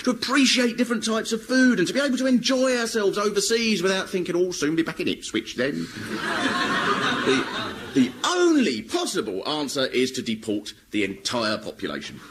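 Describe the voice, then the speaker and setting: A man with a mocking, animated delivery, performing a comedy routine. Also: sits high, moderate pace, very noisy. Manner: animated, mocking, bursts into shouted rants. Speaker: comedian host. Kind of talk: stand-up comedy sketch.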